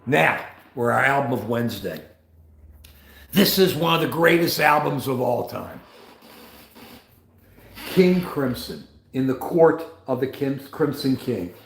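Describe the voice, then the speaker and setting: A man's voice: medium pitch, lively intonation, a little slow, creaky, long pauses, a bit bright, reverberant. A man in his seventies hosting a casual livestream, rambling and arguing directly with viewers in chat. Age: 70s. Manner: argumentative, rambling, talks straight to chat. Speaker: livestream host.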